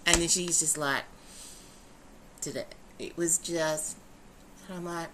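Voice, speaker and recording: A woman's voice: deep voice, slow, a little hiss or hum. A woman, a podcast co-host and facilitator, chatting casually and acting out quotes as she tells stories. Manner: animated storytelling, acting out quotes with laughs.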